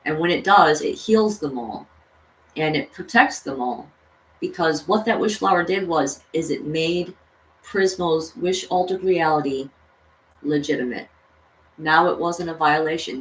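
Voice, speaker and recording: Recorded from a distance in a reverberant room with faint noise, a woman with a deep, slightly bright voice tells a cartoon story at normal speed. Her vlog-style retelling is loose and rambling, packed with "you know" and "like."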